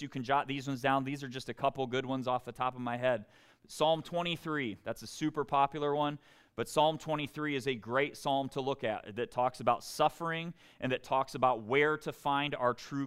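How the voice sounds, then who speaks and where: A man's voice: mid-range voice, a bit bright, clear, resonant tone. Conversational male preacher questioning his congregation. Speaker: pastor. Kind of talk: sermon.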